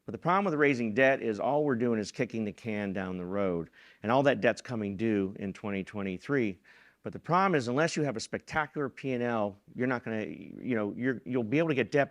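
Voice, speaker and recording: A middle-aged man speaks from a conference stage in a somewhat low voice. He talks loosely and conversationally, with fillers and restarts as he works through his points. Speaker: keynote speaker, venture fund president. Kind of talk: conference talk.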